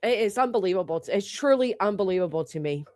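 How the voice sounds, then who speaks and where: Here an online commentator talks fast in a mid-range voice with lively intonation and a darkish tone, captured at studio quality without echo. She rants with indignation and sarcasm, cursing and throwing out one rhetorical question after another.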